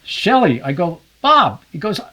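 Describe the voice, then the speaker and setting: An older man from New Jersey tells stories as a podcast guest, with a voice a little higher than most men's. He is a fishing guide and talks in a loose, conversational way. He acts out the people in his anecdotes with lively back-and-forth dialogue. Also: normal speed. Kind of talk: casual storytelling interview.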